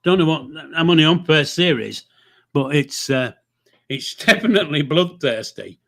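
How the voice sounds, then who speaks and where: An older man with a Yorkshire accent, co-hosting a casual live stream with halting, hesitant talk and dry humour. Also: a little high, lively intonation, vocal fry, fairly bright tone. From Yorkshire, England.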